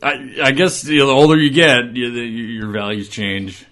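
A man's voice: medium pitch, steady tone, normal speed, pushed and bright. A man co-hosting a podcast in casual chat, rambling through jokey asides with lots of fillers. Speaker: podcast co-host.

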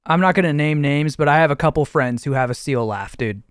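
Excitable young guy reacting to memes. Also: on the high side, a little fast, smooth, no echo. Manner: excitable, slangy, does silly voices. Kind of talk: casual reaction commentary. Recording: music playing behind.

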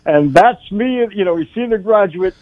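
Older man, animated storyteller. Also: sits high, a little slow, no echo, narrow, tinny audio. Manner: animated storyteller acting out dialogue. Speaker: film director, guest. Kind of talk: storytelling on a radio talk show.

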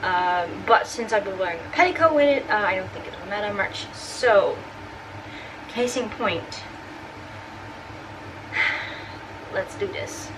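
A woman's voice: mid-range voice, animated, moderate pace. A young woman hosting her sewing channel, chatting casually to camera in her attic workshop, rambling with lots of fillers and self-corrections. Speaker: sewing and costume channel host. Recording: distant mic with air conditioner hum. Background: air conditioner running.

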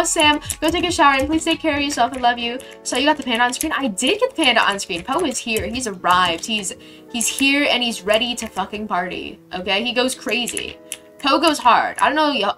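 A woman's voice: fairly high pitch, bright, forceful tone. A young woman live streamer chatting casually while building in a game, bubbly and playful, gushing thanks to her viewers.

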